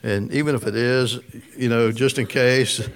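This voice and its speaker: A man's voice: medium pitch, fairly even intonation, unhurried. A man preaching a casual, conversational sermon, chuckling often and putting questions to his listeners. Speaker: pastor.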